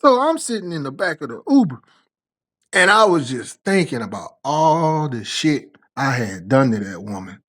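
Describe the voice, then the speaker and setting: With a medium-pitched voice and a normal speaking speed, a young storyteller shares casual anecdotes. His delivery is lively, heavy on slang, and full of swearing.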